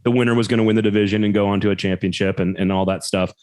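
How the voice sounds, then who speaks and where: A man's voice: on the low side, steady tone, rapid-fire, a little mellow. An adult man co-hosts a casual sports podcast. He speaks in a reflective, analytical way, working through ideas as he goes, and laughs easily at his co-host's stories. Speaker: podcast co-host.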